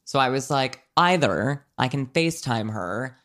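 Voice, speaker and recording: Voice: medium pitch, expressive, unhurried, a bit bright. Casting: young adult podcast co-host, casual, chatty, rambling, swears freely. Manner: rambling, filler-heavy, swears often. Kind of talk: casual chat.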